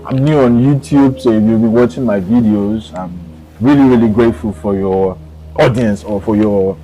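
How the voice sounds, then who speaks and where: A young man from Nigeria with a Nigerian accent, animatedly retelling a personal story as a vlogger, dropping to a hush and rising with excitement. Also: lowish voice, normal speed, a little hiss or hum, poor audio. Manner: animated, swings between hushed and excited retelling. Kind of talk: casual storytelling to camera.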